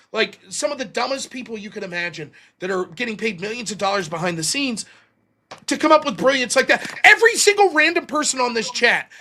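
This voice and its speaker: Man, call-in show host, lively swooping pitch, bright sharp tone, profane incredulous rant. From Pennsylvania. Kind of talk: casual political rant.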